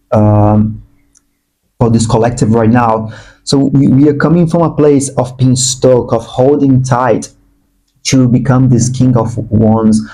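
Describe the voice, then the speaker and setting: Mellow-voiced man giving a tarot reading. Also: medium pitch, low-quality recording. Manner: earnest, spiritual, prone to excited bursts. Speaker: tarot reader.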